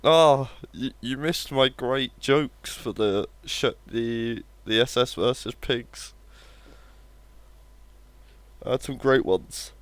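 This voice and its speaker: A man's voice: medium pitch, slow pace, few pauses, no echo. A man streaming a game live, chatting casually with viewers in a wry, joking way and swearing offhandedly. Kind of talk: casual live-stream chat while gaming.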